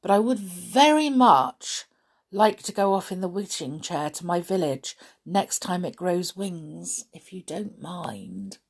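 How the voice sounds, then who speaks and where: A woman voicing a small, anxious, gentle male pixie in a storybook reading, talking in breathless, hurried pleas. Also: lowish voice, big pitch swings, husky, exaggerated voice. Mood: worried.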